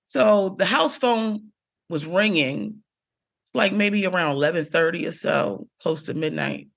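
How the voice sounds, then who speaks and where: In a casual chat, a guest comedian tells a story with theatrical flair, acting out the people she quotes. Her voice is lowish and gravelly, with lively intonation and a slightly slow pace.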